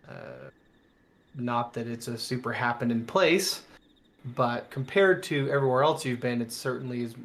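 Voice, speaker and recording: A man narrating a tabletop game as game master, in loose, rambling sentences full of fillers. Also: medium pitch.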